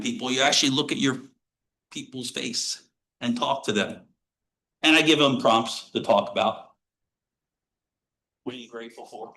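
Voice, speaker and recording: A middle-aged American man, a positive psychology professor, giving an earnest motivational lecture to students, blunt and casual, sometimes swearing, dropping from loud to hushed. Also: medium pitch, low-quality recording.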